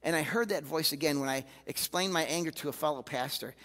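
Animated high-voiced male pastor in a hall. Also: fast. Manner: animated and candid, acting out quoted voices. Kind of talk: sermon. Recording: reverberant hall.

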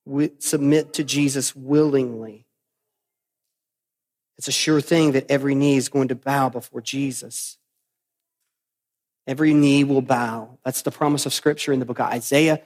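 Emphatic preacher in an echoing hall. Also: male voice, mid-range voice, steady tone, moderate pace, pauses often, darkish tone. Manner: emphatic, repeats phrases for stress. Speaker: pastor. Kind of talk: sermon.

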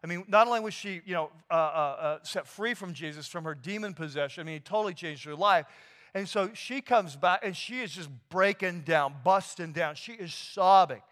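A pastor retelling a scripture story in a sermon, animated and casual with slang and fillers. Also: male voice, sits high, moderate pace. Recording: long hall reverb.

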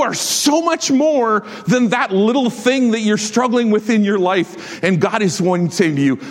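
A man preaching a sermon as a pastor, emphatic and exhorting his congregation with quick asides. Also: high voice, lively intonation. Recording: long hall reverb.

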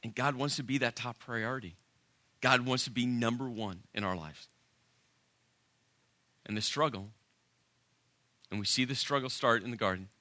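Male pastor, sermon, emphatic, animated, very bright tone, dry sound. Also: medium pitch, no room sound. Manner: emphatic, animated preaching, dramatic pauses.

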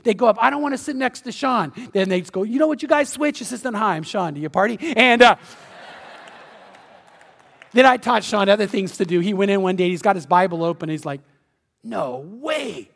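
A middle-aged male pastor preaching a sermon, telling a story with lively acted-out voices and sinking to a soft, slow appeal. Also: high voice, vocal fry. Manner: animated storytelling, acting out quoted voices; drops to soft, slow, intimate appeal at the close. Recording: long hall reverb.

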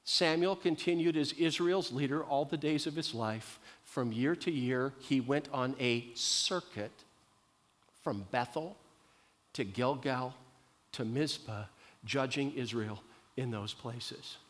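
A middle-aged man preaching a sermon, telling a Bible story with acted-out lines and slowing down for emphasis. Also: medium pitch, fairly bright tone. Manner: storytelling, acts out characters' lines, slows for emphasis.

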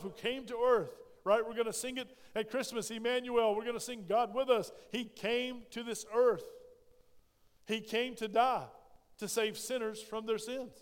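Man, pastor, sermon, higher voice, folksy storytelling, long reverb. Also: clear, resonant tone. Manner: frequent "right?" check-ins.

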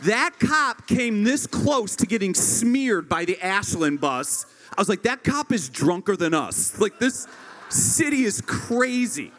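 Stand-up comic in his thirties, high lively voice, tells stories full of voices. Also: slow pace, long reverb tail. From rural Ohio. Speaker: stand-up comedian. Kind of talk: stand-up storytelling.

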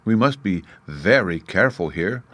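A man reading the lines of a kind-hearted woodman in a storybook, in his own low voice. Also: lively intonation, moderate pace, no echo. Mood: gentle. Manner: gentle, careful.

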